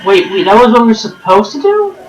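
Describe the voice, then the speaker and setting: A man's voice: sits high, sing-song, fast talker, roomy sound, recorded from a distance, soft background music, poor audio. A man casually commenting on a video game as a let's play host, rambling and joking with goofy asides.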